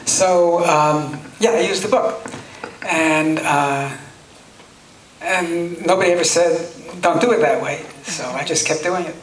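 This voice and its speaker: A man at a convention panel telling dry, wry anecdotes to a live audience, with halting fillers. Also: fairly high pitch. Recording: echoey hall, audience laughter.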